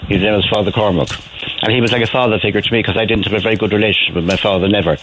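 An older man with a Cork accent, calling in to a radio show and telling stories in a rambling, animated way with many restarts. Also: fairly low pitch, racing, background noise. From Ireland. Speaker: caller. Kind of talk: phone-in chat.

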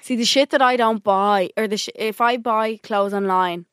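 A woman's voice: medium pitch, moderate pace, clear, resonant tone, dry recording, studio quality. A young woman co-hosting a podcast, blunt and offhand, swearing casually in chat. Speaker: podcast co-host.

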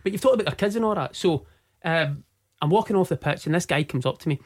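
Halting Scottish man telling his story. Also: a little high, lively intonation, no room sound, studio quality. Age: 40s. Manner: halting, repeats words, earnest. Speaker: interview guest. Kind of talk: personal storytelling.

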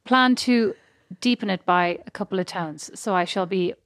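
A young woman co-hosts a podcast with her sister, trading sarcastic jabs in a casual back-and-forth. Her voice sits in a middle pitch. The recording is close and dry. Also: moderate pace, a bit bright, no echo. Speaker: podcast co-host. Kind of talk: casual chat.

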